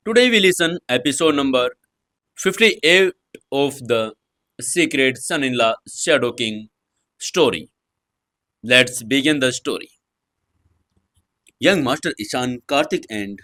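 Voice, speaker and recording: A man with an Indian English accent reading a serialized story aloud, in a slow, halting way with restarts and uneven stress. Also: medium pitch, a bit bright.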